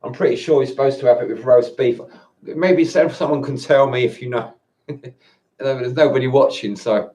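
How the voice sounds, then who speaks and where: A man's voice: mid-range voice, moderate pace, mellow. Rambling man, distant from the mic. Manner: rambling, hesitant, chuckling often. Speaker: vlogger. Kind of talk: casual solo live-stream chat. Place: indoors at home.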